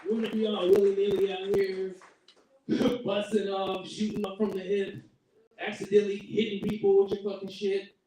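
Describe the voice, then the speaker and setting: Crude stand-up comic guy, high lively voice, echoey room, mic far off, noisy. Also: moderate pace. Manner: crude, animated, puts on squeaky kid voices. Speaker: stand-up comedian. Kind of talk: stand-up comedy set. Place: room at a home open mic.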